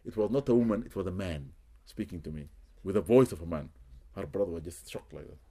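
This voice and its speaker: A man's voice: low voice, fast, warm tone. Man telling a story with religious phrases. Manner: sprinkles Arabic religious phrases; repeats words for emphasis. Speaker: Muslim spiritual healer. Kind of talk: storytelling interview answers.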